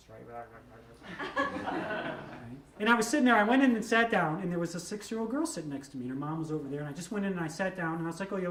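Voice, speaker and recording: A man telling a personal story in a lively, conversational way, full of fillers and laughs. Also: a little high, slight background noise.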